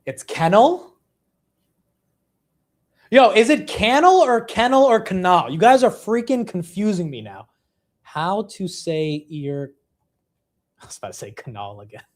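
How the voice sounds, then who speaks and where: A young man chatting on a livestream with a lively, bouncing delivery that swings high and low. His voice sits a bit high for a man. He is self-mocking and animated, answering the chat as he goes. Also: a little slow, long pauses. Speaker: livestream host.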